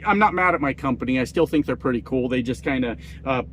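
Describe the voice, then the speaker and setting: Here a truck driver in middle age speaks fast in a mid-range, fairly bright voice. He swears and meanders through casual stories, imitating quoted people in a louder voice, with a slight hiss or hum present.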